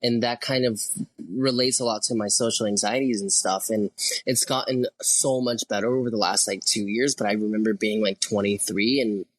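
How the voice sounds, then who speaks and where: A man's voice: fairly low pitch, fairly even intonation, moderate pace. A young adult man, a podcast guest, talking candidly and swearing casually in easy conversation. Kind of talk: casual chat.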